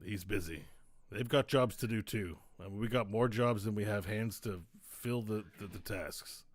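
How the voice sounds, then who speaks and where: A man playing a gruff one-legged father. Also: medium pitch, moderate pace, no echo, clean studio sound, close to an everyday voice. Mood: stern. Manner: scolding, blunt, threatening.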